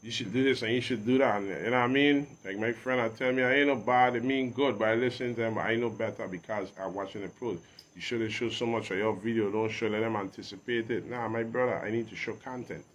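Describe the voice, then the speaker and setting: A man from Saint Thomas with a Virgin Islands accent, talking as an interview guest in a preachy, emphatic way that often rises loud. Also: lowish voice, steady tone, fast. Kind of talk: casual reasoning talk.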